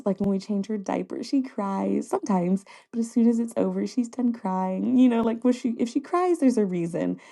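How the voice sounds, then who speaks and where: A woman's voice: mid-range voice, vocal fry, warm tone. A young adult woman hosting a podcast, chatting casually and candidly to her listeners with frequent fillers and little laughs. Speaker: podcast host. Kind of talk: casual solo podcast chat.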